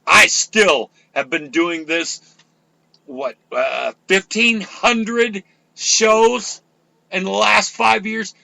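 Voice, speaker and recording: An older man hosting an internet radio talk show, ranting loudly and profanely with fiery energy. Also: sits high, animated, very slow, vocal fry, no room sound.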